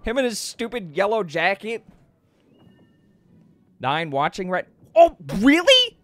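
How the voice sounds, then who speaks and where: A man streaming a shooter game, excitably exclaiming and chatting with his viewers. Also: sits high, unhurried, no echo. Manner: excitable, exclaiming, talks to chat. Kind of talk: casual gameplay livestream commentary.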